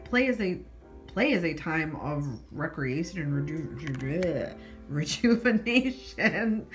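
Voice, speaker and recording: A woman giving an earnest, rambling spiritual reading, repeating her questions and pausing with fillers. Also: lowish voice. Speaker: tarot reader.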